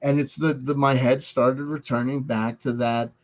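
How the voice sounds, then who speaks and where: Rambling, halting man in middle age. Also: mid-range voice, little pitch movement, low-quality recording. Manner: halting, full of restarts and "you know". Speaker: vlogger. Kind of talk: rambling personal confession. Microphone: headset headphones.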